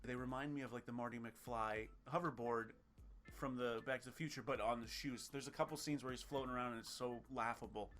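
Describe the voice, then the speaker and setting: A man's voice: medium pitch, fairly even intonation, a little fast, a bit bright. A young man co-hosting a film review podcast, talking casually and animatedly, swearing and mimicking characters from the films. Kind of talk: casual chat.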